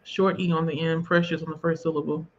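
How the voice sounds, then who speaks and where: A woman's voice: deep voice, little pitch movement, quick pace. A woman hosting a live video call, talking in a loose, chatty way and breaking into laughs. Her audio comes through dull and lo-fi, like a stream over a video call. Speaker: livestream host. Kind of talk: casual livestream chat.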